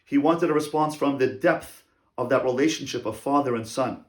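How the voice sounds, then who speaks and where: Deliberate male rabbi in echoey room. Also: mid-range voice. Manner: deliberate, repeats key phrases for emphasis. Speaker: rabbi teaching. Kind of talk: religious lecture on parenting.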